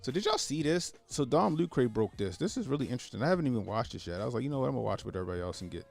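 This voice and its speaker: A man's voice: medium pitch, rapid-fire, vocal fry, faint music behind. A man hosting a casual livestream, talking animatedly with lots of swearing and laughter while answering his chat. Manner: animated, profane, laughing, reading chat aloud. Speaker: livestream host.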